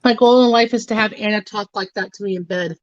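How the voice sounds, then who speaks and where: A woman's voice: mid-range voice, fast. Teasing woman on a muffled call. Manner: teasing, joking banter. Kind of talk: casual chat.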